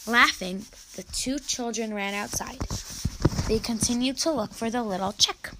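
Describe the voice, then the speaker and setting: A woman reads a children's storybook aloud, her voice set a little high and her delivery animated and expressive. A faint hiss sits under the recording. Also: moderate pace, poor audio.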